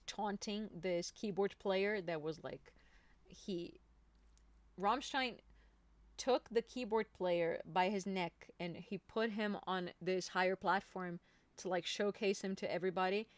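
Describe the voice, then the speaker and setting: Slow-talking, chatty woman streamer. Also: on the low side, no room sound. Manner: chatty and rambling, addresses viewers as "my people". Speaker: singer hosting a live stream. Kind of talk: casual chat with viewers.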